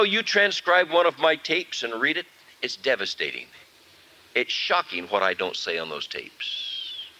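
A man preaching a sermon at a camp meeting and leading the congregation in song, talking expressively with pauses. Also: a little high. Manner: expressive, leads singing, animated pauses. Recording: dull lo-fi 1970s tape with faint music.

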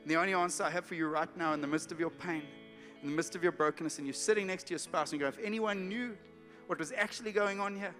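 A man from South Africa preaching a sermon as a pastor, moving from hushed pleas to loud urgent calls. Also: high voice, fast talker. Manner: emotional, swings from hushed to shouting. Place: church hall. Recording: church hall reverb with soft music.

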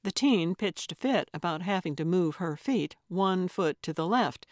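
A woman narrating a cozy mystery audiobook in a measured, unhurried reading. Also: fairly low pitch, lively intonation, dry recording, clean studio sound. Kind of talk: scripted narration.

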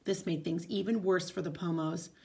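A woman teacher reading a folk tale aloud, expressive, with casual asides. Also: fairly low pitch, moderate pace, creaky. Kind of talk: storybook read-aloud.

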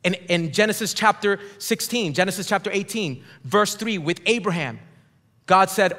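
High-voiced preaching man in reverberant hall. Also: moderate pace, pushed and bright. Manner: emphatic preaching, calls for congregation responses. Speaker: pastor. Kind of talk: sermon. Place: large church auditorium.

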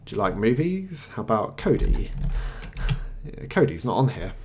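A man narrating a screencast software review in a matter-of-fact, conversational way, pausing now and then with small hesitations while working at his desktop computer mic. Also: mid-range voice, sing-song, a little hiss or hum. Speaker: tech reviewer.

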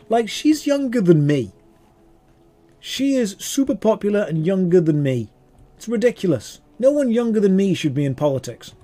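A man's voice: high voice, big pitch swings, moderate pace, warm tone. A man with a British accent chatting casually while streaming a game, rambling through sarcastic banter.

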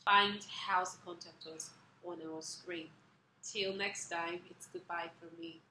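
A middle-aged woman hosts her own vlog and tells personal stories straight to camera, earnest and openly emotional. Her voice sits on the low side but sounds bright and forceful. The room is echoey, with a faint hiss behind her. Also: steady tone, measured pace. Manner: emotional, earnest, lets feeling show. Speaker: vlog host.

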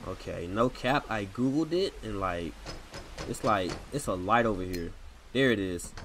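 A young man giving live commentary on a video game he is playing, with slangy reactions and sudden loud outbursts. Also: on the low side, lively intonation, a little slow, slight background noise. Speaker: gaming streamer. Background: loud game music with plucked guitar.

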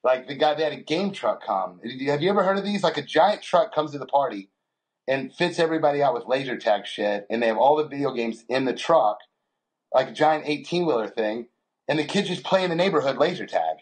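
A man with a husky, mid-pitched voice co-hosts a podcast and spins crude, rambling stories in loose casual chat. He swears constantly and breaks into laughter as he talks. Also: lively intonation, a little fast. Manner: crude, joking storyteller who swears a lot and laughs often. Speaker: podcast co-host.

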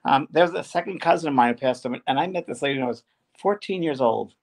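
A man's voice: medium pitch, fast, gravelly. A man who works as a spiritual medium, chatting casually and telling rambling stories. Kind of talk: casual chat.

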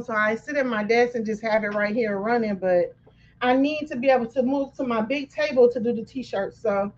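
A woman hosting a craft livestream from her home office, chatting casually, greeting viewers by name and apologizing for running late. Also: fairly high pitch. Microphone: computer mic on livestream. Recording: dull lo-fi stream audio.

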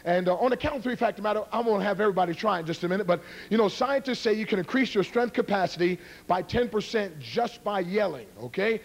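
A man's voice: sits high, lively intonation, fast, gravelly, hardly any pauses. A middle-aged man, an evangelist, joking and teasing a live church audience before a karate demonstration. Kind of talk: humorous sermon introduction to a live congregation.

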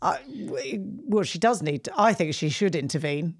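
A middle-aged woman co-hosting a podcast with her son, motherly and quick with exclamations in casual chat. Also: lowish voice, lively intonation. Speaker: host's mother, co-host.

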